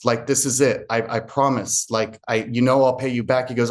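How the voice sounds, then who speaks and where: A man's voice: medium pitch, little pitch movement, normal speed, hardly any pauses. A man who works as a real estate agent tells an earnest personal story to a group and acts out remembered conversations.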